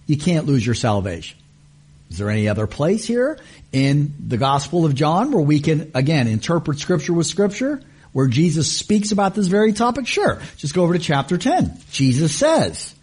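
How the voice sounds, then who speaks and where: A man preaching a sermon, teaching with emphatic stresses, slowing down on key words and asking rhetorical questions. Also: fairly high pitch, darkish tone, slightly rough. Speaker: pastor.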